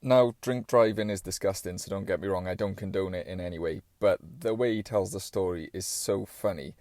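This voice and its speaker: A man reads a sports documentary script with measured, wry commentary. His voice is low and mellow. The recording is dry, with no room sound. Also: no room sound. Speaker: documentary narrator.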